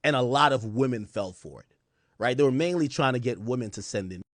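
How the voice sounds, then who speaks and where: A man casually telling a long story to his stream viewers, acting out quotes in a lower voice. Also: a little fast, no room sound. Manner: animated, recounts quotes in lower voice. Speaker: commentator.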